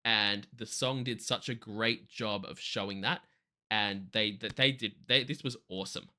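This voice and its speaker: Reaction host, man, eager and thinking aloud, very bright, tense voice. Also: fairly low pitch, a little slow. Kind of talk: casual reaction commentary.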